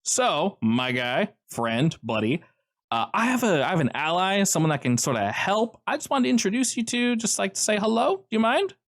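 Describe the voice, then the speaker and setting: A chatty, friendly agent who keeps the mood light with casual slang, as a man plays him. He talks noticeably higher and louder than the narrator's own voice, upbeat and chummy throughout. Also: big pitch swings, normal speed.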